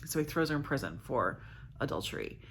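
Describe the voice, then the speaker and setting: Chatty woman vlogger, husky lowish voice, lots of pitch swing. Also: very animated, fairly quick, a bit bright. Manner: chatty, self-correcting. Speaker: book vlogger. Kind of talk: casual plot summary.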